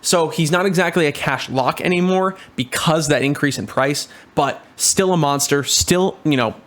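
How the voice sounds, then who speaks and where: A man's voice: fairly high pitch, normal speed, fairly bright tone. A young man giving casual fantasy football commentary, talking loosely with lots of ums, uhs and restarts. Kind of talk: casual screen-share commentary.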